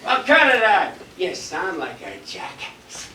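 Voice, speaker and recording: A man's voice: high-pitched, huge pitch swings, unhurried, heavily acted. A man acting a brash, insulting theatre producer in a stage comedy, recorded from far off in an echoey hall. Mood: bullying. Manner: gruff, loud and insulting. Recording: echoey stage from a distant mic, faint hiss.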